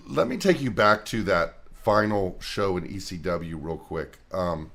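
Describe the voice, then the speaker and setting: Low-voiced male podcast host. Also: lively intonation, measured pace, gravelly, a bit bright. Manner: asks probing follow-up questions. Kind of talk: interview questions.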